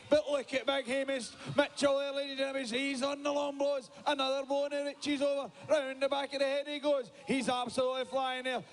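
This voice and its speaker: A man commentating live at a shearing contest, excitable and urging the crowd to cheer. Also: very high-pitched.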